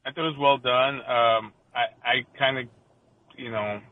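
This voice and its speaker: A man's voice: mid-range voice, fairly even intonation, normal speed, no room sound. A man with a New York accent, a boxing guest on a radio talk show, talking hesitantly with many fillers. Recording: tinny phone line, dry.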